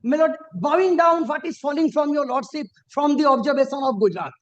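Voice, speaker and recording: A man arguing formally before a judge as an advocate, deferential and halting, with frequent restarts and emphatic rises on key points. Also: very high-pitched, highs cut off. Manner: deferential, peppered with repeated formal address to the bench. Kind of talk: formal courtroom argument. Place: courtroom.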